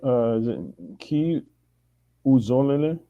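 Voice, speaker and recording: A man's voice: mid-range voice, takes it slowly, mellow, highs cut off. A man who is a language student, answering hesitantly and searching for words.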